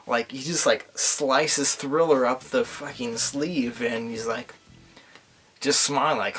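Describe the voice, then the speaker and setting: A man's voice: mid-range voice, steady tone, slow, sharp tone, husky. A tipsy young man vlogging a crude, rambling movie recap, swearing freely and losing his thread. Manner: rambling, crude, loose and meandering. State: tipsy from drinking. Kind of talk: profane casual movie recap.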